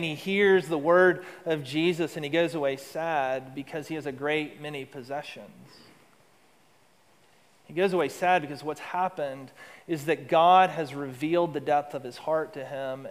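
A man preaching a sermon as pastor, rising to emphatic lines and dropping to soft, low asides. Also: in a large hall.

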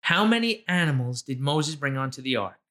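A man's voice: medium pitch, animated, a little fast, bright, forceful tone. A man running a casual trivia quiz with a friend, playful and teasing, laughing often. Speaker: trivia quizmaster. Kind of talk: casual chat.

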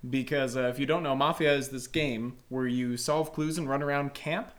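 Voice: mid-range voice, fairly even intonation, moderate pace. A host of a camp podcast chatting casually, rambling and joking, with many ums and uhs. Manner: rambling, jokey, many fillers. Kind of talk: casual chat.

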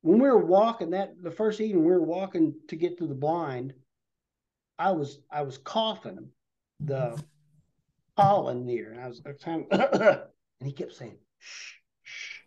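A man's voice: fairly high pitch, normal speed, mellow. Man telling a long hunting story. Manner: rambling hunting tale told with vivid detail. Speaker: podcast guest. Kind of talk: casual storytelling. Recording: dull lo-fi podcast audio.

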